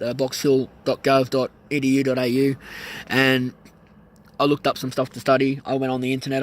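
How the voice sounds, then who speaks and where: A man telling a personal story in a casual vlog, animated and acting out the voices of people in it. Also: mid-range voice. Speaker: vlogger, pilot.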